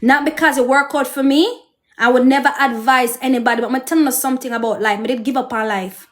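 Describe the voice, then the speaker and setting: Jamaican woman host, high voice, talks straight to her viewers, emotional testimony, preachy. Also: steady tone, fast talker, fairly bright tone. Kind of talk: personal storytelling to viewers.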